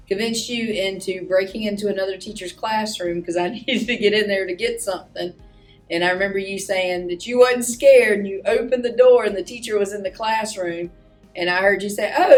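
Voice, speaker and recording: A teacher in her forties giving a tribute message, slow and chatty with teasing humor. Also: mid-range voice. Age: 40s.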